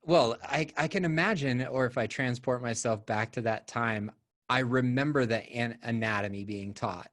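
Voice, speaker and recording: A man's voice: medium pitch, normal speed, fairly bright tone. A man hosting a podcast, talking candidly and rambling, with casual swearing. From United States. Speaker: podcast host.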